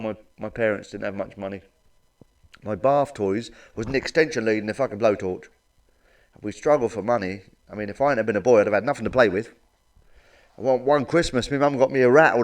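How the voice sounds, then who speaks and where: A middle-aged man telling crude stand-up one-liners. His delivery is blunt and deadpan, at an ordinary pitch, with a lot of swearing between the punchlines. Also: far from the mic. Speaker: stand-up comedian.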